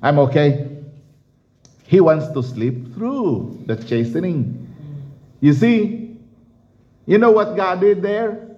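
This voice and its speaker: A man's voice: high-pitched, lively intonation, slow pace, long pauses, mellow, lo-fi sound. A man preaching a sermon and reading scripture, emphatic and repetitive, often laughing.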